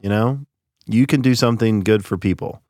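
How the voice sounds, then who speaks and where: A man's voice: on the low side, a little fast, darkish tone, dry recording, clean studio sound. A man co-hosting a podcast, chatty and laughing, reading out listener comments and the show outro. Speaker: podcast co-host. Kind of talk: casual political chat.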